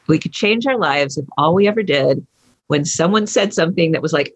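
A woman with a husky, slightly breathy voice tells a personal story as an interview guest. She acts out quoted lines expressively. The sound is dry and close. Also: low-pitched, normal speed, no room sound. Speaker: guest speaker.

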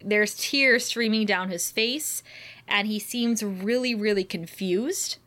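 A woman co-hosting a podcast, retelling a TV episode in an animated way and laughing often. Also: medium pitch, takes it slowly. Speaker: podcast co-host. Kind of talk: casual recap chat.

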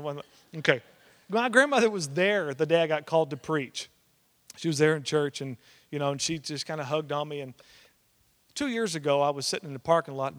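A man, a pastor preaching and telling a family story, swinging between loud and hushed. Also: on the high side. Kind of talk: sermon with personal storytelling.

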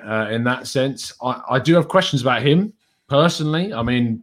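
A man as a guest pundit on a casual podcast, analytical and thinking out loud with frequent restarts. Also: fairly low pitch.

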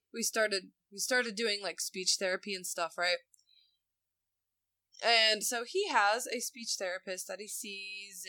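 A woman in her thirties chatting on a podcast, an animated storyteller who laughs through her punchlines. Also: mid-range voice. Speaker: co-host telling family stories. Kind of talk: casual podcast chat.

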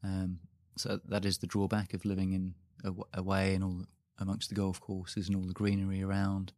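A man's voice: low-pitched, completely flat delivery, moderate pace, a little mellow, dry recording, studio quality. A man from Guernsey answering as an interview guest, hesitant, with a lot of fillers.

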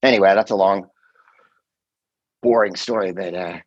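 Husky middle-aged man telling rambling stories. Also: low voice, moderate pace, no room sound, lo-fi sound. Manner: rambling, animated storytelling with quoted voices and swearing. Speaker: comedian and podcast host. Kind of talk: casual chat.

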